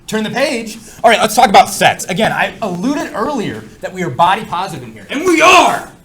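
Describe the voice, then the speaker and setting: Male math teacher, playful and jokey, lively bright delivery, echoey classroom. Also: high-pitched, a little fast. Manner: jokey and playful, asks the class many questions. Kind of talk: classroom lecture. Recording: echoey classroom with faint ambience.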